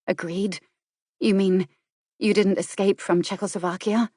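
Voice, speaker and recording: Woman doing a stunned young woman in an audiobook, halting and faint. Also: mid-range voice, steady tone, warm tone, no room sound, clean studio sound, natural voice. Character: shaken young woman, breathless with disbelief. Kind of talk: audiobook character voice.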